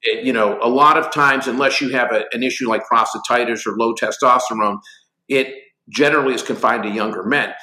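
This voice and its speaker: A man in his sixties, a guest in an interview, telling lively anecdotes and acting out both sides of conversations. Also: medium pitch, a little fast, roomy sound. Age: 60s. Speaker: guest, company executive. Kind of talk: animated storytelling interview.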